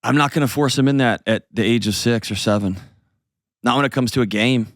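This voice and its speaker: A man's voice: mid-range voice, fairly quick, dry recording, studio quality. A man hosting an advice show, explaining casually to a caller with acted-out examples and frequent "right?" checks.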